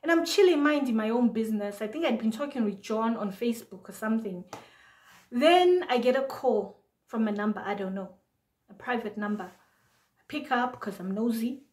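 A young woman from Zimbabwe tells a story from her life in a casual vlog, acting out both sides of a phone argument in lively voices. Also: on the high side, normal speed, roomy sound. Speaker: vlogger.

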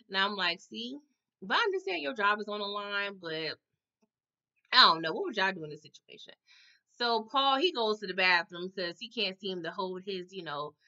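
A sassy woman chats her way through a TV episode recap, talking straight to her viewers. Her voice is bright and forward. The recording sounds a little dull and lo-fi. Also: mid-range voice. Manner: sassy, animated, addresses viewers as y'all. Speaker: TV recap host. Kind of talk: casual recap chat.

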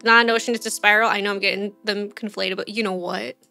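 A woman's voice: mid-range voice, fairly even intonation, fast, creaky, bright, forceful tone, soft background music. A woman streamer giving casual let's-play commentary, chatty, thinking aloud and quizzing the game characters.

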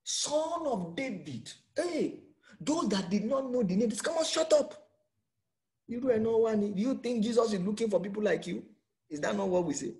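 A man's voice: high-pitched, lively intonation, normal speed, darkish tone. A man with a Nigerian accent preaching an emphatic sermon as pastor, full of rhetorical questions.

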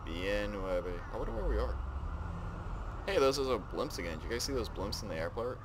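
A man giving casual let's play commentary, excitably exclaiming and narrating what he does in the game. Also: lowish voice, normal speed, background noise. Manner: excitable, exclaims and narrates his own actions. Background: game music.

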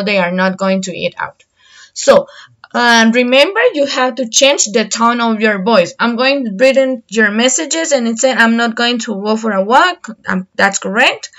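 A woman's voice: a little high, a bit bright. Patient bilingual woman teaching English. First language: Spanish. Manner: patient, explains slowly and repeats in Spanish. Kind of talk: bilingual online English lesson.

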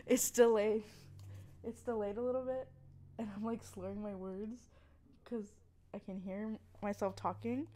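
A young woman talks slowly and unhurriedly into a new condenser mic at home. She chats to herself, amused as she unboxes and tests her gear. Her pitch sits in an ordinary middle range. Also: steady tone, mellow. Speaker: vlogger. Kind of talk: casual vlog chat. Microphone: new condenser microphone.

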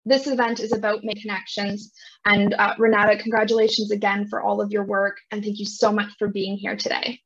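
A woman moderates a virtual summit over a video call, gracious but hesitant and full of "uh" fillers. Her mid-range voice is flat, a little fast, with a breathy edge, and the call audio is dull and lo-fi.

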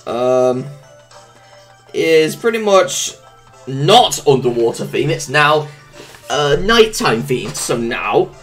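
A woman's voice: extremely low pitch, sing-song, takes it slowly, pauses often. A woman doing casual, goofy gameplay commentary as a let's play gamer, rambling and laughing at her own jokes. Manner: goofy, rambling, breaks into silly sing-song asides. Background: faint video game music.

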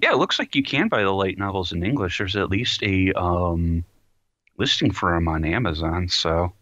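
A man co-hosting a podcast in casual chat, ranting in an animated, exasperated way with sighs. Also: deep voice, moderate pace, no echo, lo-fi sound. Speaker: podcast co-host.

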